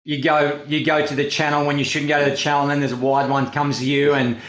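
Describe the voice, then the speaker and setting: A man's voice: a little high, monotone, fast, fairly bright tone. A man hosting a casual surf podcast, laid-back and reflective, swearing casually as he talks. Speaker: podcast host, big-wave surfer. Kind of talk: casual conversational interview. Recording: roomy echo.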